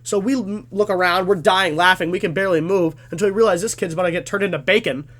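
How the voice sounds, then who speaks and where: High-voiced young man telling a funny story. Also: fast. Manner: animated, self-deprecating, with crude jokes. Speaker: storytime animator. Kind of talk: comedic storytime narration.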